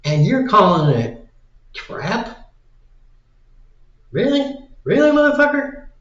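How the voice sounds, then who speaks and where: A man's voice: fairly high pitch, big pitch swings, takes it slowly. A man acting out a baffled man who is outraged by a trick contract, speaking in incredulous bursts. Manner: incredulous, shouting in disbelief. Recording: roomy, slightly dull recording.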